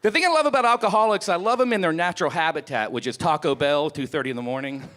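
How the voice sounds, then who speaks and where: A man's voice: a little high, fast. A man doing a stand-up comedy set on a club stage, telling crude stories with lots of swearing. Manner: profane, animated storytelling.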